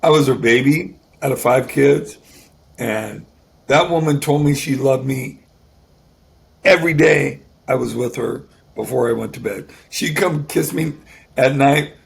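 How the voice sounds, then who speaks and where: A man in his sixties, a guest, telling an emotional personal story in a halting way, often restarting and repeating words. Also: mid-range voice, creaky. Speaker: guest musician.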